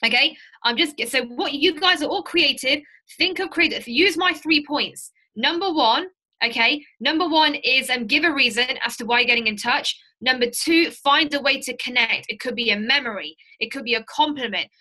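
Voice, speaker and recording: A woman with a high, bright, forceful voice runs a sales training for a group. She talks in an animated, direct way and teaches through stories. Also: normal speed. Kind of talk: lively training talk to a group.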